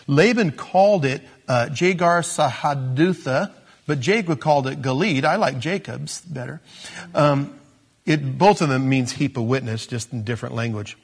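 A man's voice: mid-range voice, moderate pace, vocal fry, slightly rough. A man teaching scripture as a pastor, chatty and storytelling, with restarts and sarcastic asides. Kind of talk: conversational Bible teaching.

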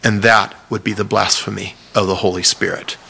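Guy preaching a bible sermon, earnest and animated, bright voice. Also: on the low side, moderate pace, creaky, slightly rough. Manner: earnest and animated, reads scripture aloud and explains it. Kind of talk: sermon-style Bible teaching.

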